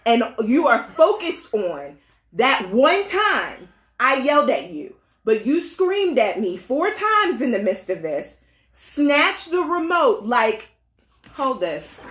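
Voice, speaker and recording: A woman tells her side of a story in a casual chat, her voice lively and leaping up and down in pitch. She talks with insistence and breaks into laughter often. The room around her rings with a roomy echo. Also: slow pace. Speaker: co-host telling a story.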